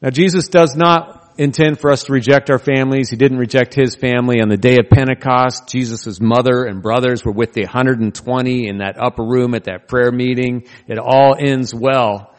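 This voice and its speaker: A man's voice: mid-range voice, fairly even intonation, moderate pace, hardly any pauses. A man in the pulpit, delivering a sermon as a storyteller, earnest and now and then wry. His voice sits in an ordinary middle range. The sound carries a long reverb, like a large sanctuary. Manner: storytelling, earnest with touches of humor. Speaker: pastor.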